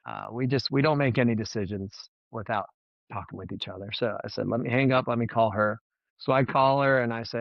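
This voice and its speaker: A man's voice: medium pitch, steady tone, a little fast, no echo, highs cut off. A man, a former college baseball head coach, telling stories in a podcast interview in an earnest, emotional way, often repeating words as he goes.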